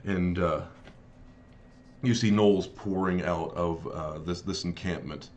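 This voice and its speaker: A man running a live-streamed tabletop game as game master, talking in a halting way with many fillers and apologies. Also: deep voice, fairly even intonation, darkish tone.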